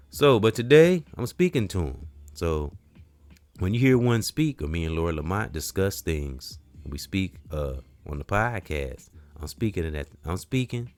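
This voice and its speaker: A man hosting a podcast, giving a rambling, preacherly motivational talk with casual slang, repeating phrases and swinging from quiet to loud emphasis. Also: very deep voice, no room sound. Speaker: podcast host.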